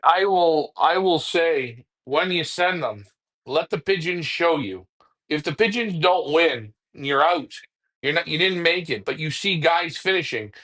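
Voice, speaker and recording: A man's voice: on the high side, animated, a little slow, fairly bright tone. A man co-hosting a casual live discussion, talking in an emphatic, preachy way, repeating his points and swearing.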